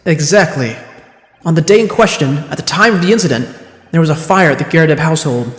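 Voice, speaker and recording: A man's voice: fairly high pitch, animated, fast talker, natural voice. A man voicing an earnest young lawyer from a courtroom game, firm and probing as he presses his case. It is close to his own voice, and it sits in an echoey room with a long reverb. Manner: firm, probing cross-examination.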